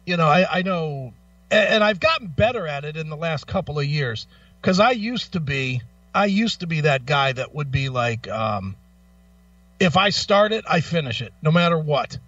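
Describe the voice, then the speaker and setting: A man's voice: fairly high pitch, lively intonation, normal speed, fairly bright tone, no room sound. Man, radio co-host, joking banter, slightly raised voice, muffled and distant. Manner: chatty, joking. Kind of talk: casual banter on live radio.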